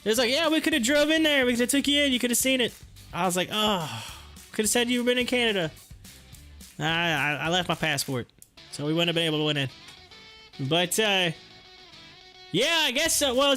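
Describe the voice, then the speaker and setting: A man's voice: extremely high pitch, bright, forceful tone. A man hosting a live stream, rambling through casual stories and viewer comments and laughing often. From United States. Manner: rambling storyteller, laughs often, repeats himself.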